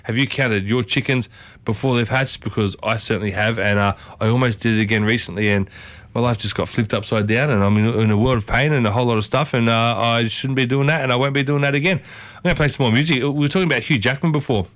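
Chatty radio host, dry studio sound. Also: male voice, mid-range voice, fairly even intonation, quick pace, a bit bright, no room sound. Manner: chatty, rambling with restarts, playful asides. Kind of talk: casual morning radio chat. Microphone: studio microphone.

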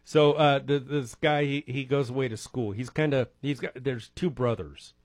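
A man's voice: medium pitch, fairly even intonation, moderate pace, no room sound. Joking man hosting local radio. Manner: joking, chuckling, rambling. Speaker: radio swap show host. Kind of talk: casual local radio chat.

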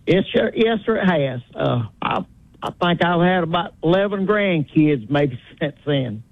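An older man calling in to a sports radio show, polite and rambling, who calls the host "sir" and fills pauses with "uh". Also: a little high, lively intonation, no echo. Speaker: caller. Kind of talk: call-in chat. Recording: tinny dry phone line.

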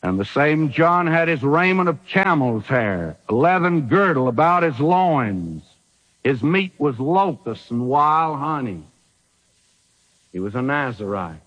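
High, lively-voiced male preacher on old radio. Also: measured pace, highs cut off. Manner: emphatic preaching with rhetorical questions. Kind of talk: sermon.

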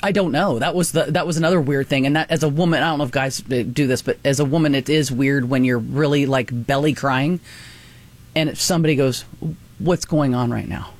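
A chatty woman in relaxed conversation who laughs readily. Her sentences wander, break off and start again as she tells her stories. The talk is unhurried and unscripted. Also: very deep voice. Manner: chatty, laughs often, trails off mid-sentence. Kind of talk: casual chat.

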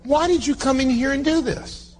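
A man's voice: very high voice, moderate pace, a little mellow, pitched above the performer's own voice. A man voicing a puzzled female tax office clerk who asks wary, incredulous questions, in a sermon story.

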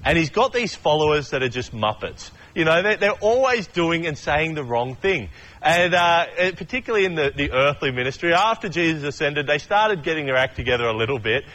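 A man's voice: fairly high pitch, lively intonation, fairly quick, fairly bright tone, low-quality recording. A young adult man preaching a casual sermon, chatty and storytelling, acting out voices as he goes. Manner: chatty, acts out voices in stories. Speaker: pastor.

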